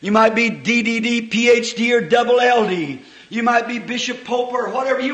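A man preaching a sermon at a church service, swinging from hushed, folksy talk to sudden impassioned shouts. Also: extremely high pitch, moderate pace, few pauses. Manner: folksy, homespun phrasing. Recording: echoey old church sermon recording.

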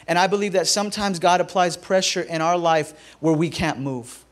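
A man's voice: sits high, steady tone, brisk. A young male pastor preaching a sermon in a church, telling stories in a conversational, humorous way.

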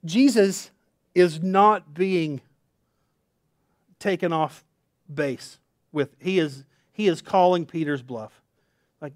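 Middle-aged male pastor, high-pitched, dry close-miked delivery; a humorous storyteller who pokes fun at himself from the pulpit. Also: slow pace, long pauses, dry recording. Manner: storytelling, self-deprecating, laughs at himself. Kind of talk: sermon.

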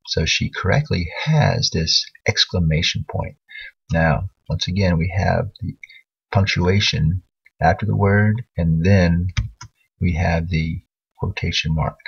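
A man with a deep, gravelly and very husky voice teaches a writing lesson. He talks patiently through corrections to a student's work, thinking aloud as he goes. The screen recording sounds dull and lo-fi.

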